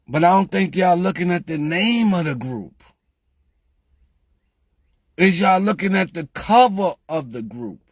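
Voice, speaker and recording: A man talking casually to viewers about lottery picks, repeating himself and growing exasperated, getting louder when he quotes their questions. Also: high voice, expressive, measured pace, dry recording. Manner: repetitive, exasperated, rises when quoting viewers. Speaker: lottery tips creator.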